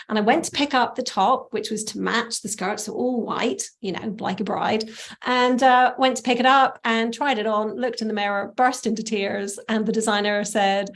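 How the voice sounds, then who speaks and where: A woman with a slightly high voice tells a personal story as an interview guest. She talks in a lively, animated way and laughs easily. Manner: animated, laughs often, acts out quoted voices. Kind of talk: conversational storytelling.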